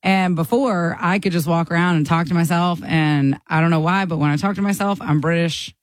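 A woman's voice: fairly low pitch, steady tone, brisk, no room sound. Giggly woman on a radio show. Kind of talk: casual radio banter.

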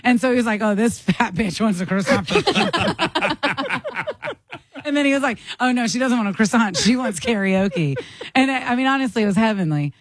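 A woman's voice: on the high side, moderate pace, no echo. A woman from the United States telling a story in casual chat and acting out the people in it. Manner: animated storyteller acting out quotes.

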